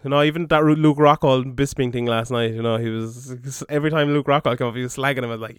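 A man's voice: fairly high pitch, expressive, fast talker, hardly any pauses, clear, resonant tone, no echo, studio quality. A man co-hosting a podcast, blunt and sarcastic, swearing freely in casual banter. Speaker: podcast co-host.

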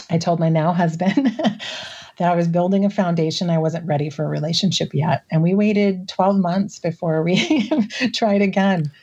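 A middle-aged woman from the Midwest telling a personal story as an interview guest, emotional and laughing often between halting restarts. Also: lowish voice, a little mellow, breathy edge, highs cut off. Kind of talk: recounting a personal experience in an interview.

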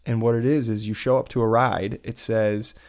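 A man's voice: mid-range voice, flat delivery, moderate pace, a little mellow. A man in his thirties chatting casually about a family theme park trip, rambling with lots of fillers and restarts. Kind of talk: casual chat.

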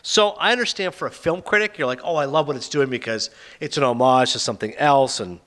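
A man hosting a casual chat, retelling film plots and reviews with an animated, sarcastic manner. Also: mid-range voice, brisk. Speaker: podcast host reviewing films.

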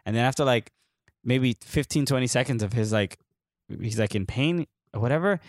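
A man's voice: medium pitch, normal speed, dry recording. A young man from the United States chats casually as a podcast co-host. He tells stories in loose, rambling bursts, full of "uh" and "like", and laughs often. His mid-range voice is recorded close and dry, with no room sound. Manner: rambling storyteller, frequent fillers, laughs often. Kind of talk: casual chat.

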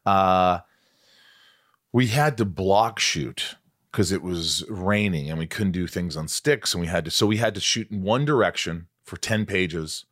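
A man hosting a podcast, talking in a casual, animated way with lots of swearing and self-deprecating stories. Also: sits low, measured pace. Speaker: podcast host. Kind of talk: casual chat.

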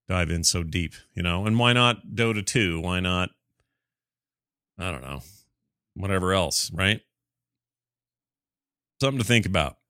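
A man's voice: low-pitched, sharp tone, no echo, clean studio sound. A man hosting a gaming podcast alone, reading listener emails aloud and answering them in a chatty, rambling, self-deprecating way. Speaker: podcast host.

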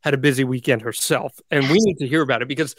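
A man's voice: mid-range voice, fast, no room sound. A man hosting a podcast in casual chat, teasing his co-hosts. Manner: joking, teasing. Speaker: podcast host.

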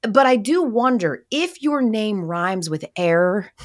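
A woman hosts a casual sports talk show, trading banter with her co-host. Her pitch sits in an ordinary middle range. She teases freely and acts out little voices as she tells stories. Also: expressive, a little slow. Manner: playful teasing, acts out quoted voices.

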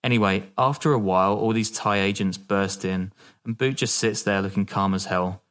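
Man, podcast host, lowish voice, casual storytelling, laughs a lot. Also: steady tone, moderate pace, fairly bright tone. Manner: laughs often, loose and joking.

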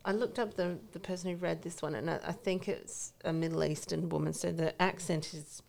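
A woman's voice: on the low side, steady tone, fairly quick, vocal fry, darkish tone, slight background noise. A woman co-hosting a podcast, chatting casually about books she has read and laughing often. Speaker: podcast co-host. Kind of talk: casual book chat.

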